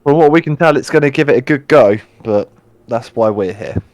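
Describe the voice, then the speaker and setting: A man's voice: medium pitch, brisk, darkish tone, no echo. A man playing in a tabletop game, chatting casually with a wry, joking manner. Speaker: player.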